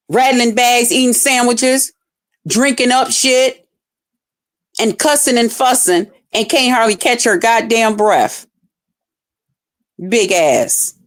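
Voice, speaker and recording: A woman's voice: fairly high pitch, takes it slowly, long pauses. A woman streamer delivering a scornful, confrontational rant full of constant cursing. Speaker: online streamer. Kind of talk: profane ranting commentary.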